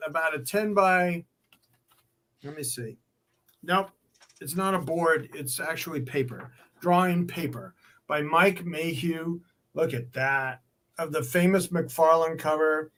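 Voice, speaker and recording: Male dealer, slow unhurried delivery, bright tone, admiring pitch. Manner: slow, admiring, musing over artwork. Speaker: comic art dealer. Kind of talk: live sales stream chat.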